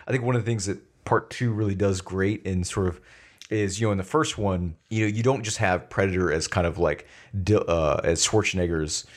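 A man's voice: sits low, fairly quick. A man co-hosting a casual film chat, arguing his points and laughing between them. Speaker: podcast co-host.

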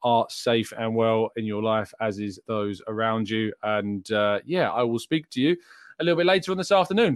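A man's voice: lowish voice, no room sound, studio quality. A young English man hosting a casual live show, chatting and answering questions from the chat. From England. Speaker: host.

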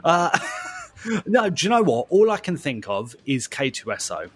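A man's voice: fairly high pitch, sing-song, moderate pace, dry recording. A man co-hosting a casual podcast chat, jokey and full of fillers and restarts. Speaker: podcast co-host.

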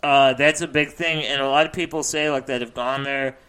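A man's voice: mid-range voice, fairly even intonation, bright, forceful tone, clean tone. A man chatting casually on a podcast, cracking jokes and swearing freely. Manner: joking, profane, quick asides. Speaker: podcast co-host. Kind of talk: casual chat.

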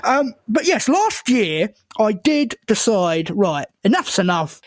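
A man telling an absurd story in a deadpan, rambling way, full of hesitations and fillers. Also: high-pitched, slow pace, few pauses, soft background music. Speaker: improvised comedy guest. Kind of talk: deadpan improvised comedy character.

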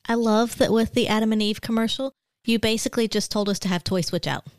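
A woman co-hosting a podcast, chatting in a relaxed way and laughing easily. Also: on the high side, fast. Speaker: podcast co-host. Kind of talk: casual chat.

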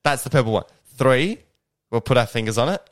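A man's voice: mid-range voice, animated, brisk. A man co-hosting a podcast in casual chat, joking and laughing often. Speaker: podcast co-host.

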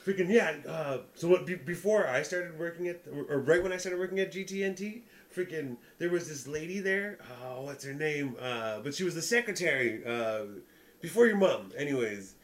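A young man telling a rambling, animated story in casual chat, often breaking into laughter. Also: on the high side, moderate pace. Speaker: podcast co-host, comedian.

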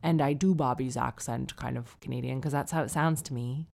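Woman podcast host, low voice, wry and teasing, casual chat, reading listener emails. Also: steady tone, fairly quick, creaky, a little mellow.

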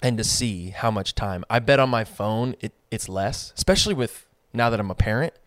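A man's voice: on the low side, animated, normal speed, no room sound. A young man co-hosting a podcast, chatting casually and thinking aloud with lots of fillers. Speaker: podcast co-host. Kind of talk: casual chat.

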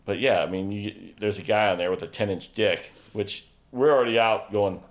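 A man's voice: fairly low pitch, normal speed. Blunt, profane man telling a story. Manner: blunt, profane storyteller, quotes himself loudly. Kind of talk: casual frank chat.

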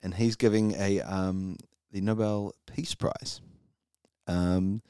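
A man's voice: low voice, fairly even intonation, takes it slowly, dark tone, smooth, dry recording, clean studio sound. A man co-hosting a comedy podcast, retelling a movie in rambling casual chat full of fillers. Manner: rambling, lots of fillers and laughs. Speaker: podcast co-host.

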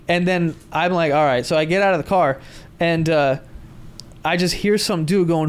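A man's voice: fairly high pitch, normal speed, smooth. A man, co-hosting a podcast and telling a story in casual, swearing chat, acting out the voices of the people in it. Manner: animated, swearing, acts out voices in his stories. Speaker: podcast co-host.

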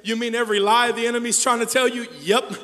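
High bright-voiced preacher in a reverberant hall. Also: male voice, flat delivery, fast talker. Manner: swings from hushed to shouted preaching. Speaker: pastor. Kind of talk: sermon.

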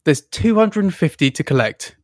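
Co-host, lively sweary gaming chatter, swooping pitch, dry close mic. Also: normal speed, dry recording. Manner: animated, swears freely, laughs often. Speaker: podcast co-host. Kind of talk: casual gaming chat. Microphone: own microphone on a remote call.

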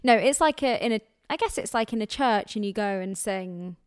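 A woman's voice: medium pitch, moderate pace, clean tone, no room sound, studio quality. A young woman co-hosting a podcast, chatting casually, exclaiming and laughing often. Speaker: podcast co-host. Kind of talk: casual chat.

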